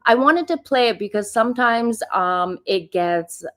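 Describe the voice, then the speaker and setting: A woman's voice: a little high, expressive, measured pace, fairly bright tone. A woman in her thirties hosting a casual livestream, chatting to viewers in a rambling, friendly way. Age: 30s. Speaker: livestream host. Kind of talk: casual live-stream commentary.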